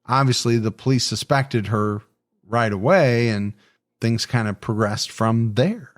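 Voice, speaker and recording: A man hosting a casual true crime podcast, talking in a relaxed, easygoing way. His voice sits at an ordinary middle pitch. He chats loosely with his co-host. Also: a little slow. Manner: relaxed, easygoing, laughs often.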